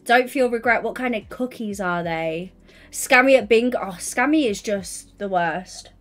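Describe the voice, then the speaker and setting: A woman's voice: medium pitch, soft background music. A young woman chatting casually to her livestream audience, giddy and bubbly but tired and yawning, on a headset mic. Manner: giddy, bubbly and chatty, quick asides to chat.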